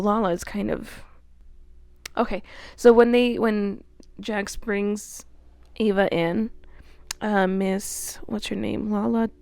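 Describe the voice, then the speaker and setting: Young woman, casual book recap, chatty, laughs often, gravelly, dry close sound. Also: medium pitch, a little mellow, no echo. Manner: chatty, swears, laughs often, lots of fillers. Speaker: book reviewer.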